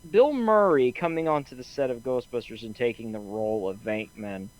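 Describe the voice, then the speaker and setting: A man's voice: medium pitch, normal speed, no echo, rough recording. A man co-hosting a casual chat, easygoing and enthusiastic as he muses. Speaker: podcast co-host.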